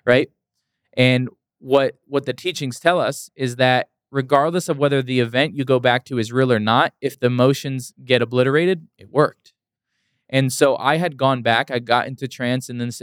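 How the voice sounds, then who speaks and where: A young man speaks in an earnest, emphatic voice as an interview guest, often repeating phrases to drive them home. His tone is clear and resonant, and the close mic adds almost no room sound. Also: medium pitch, dry recording. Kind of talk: casual interview storytelling.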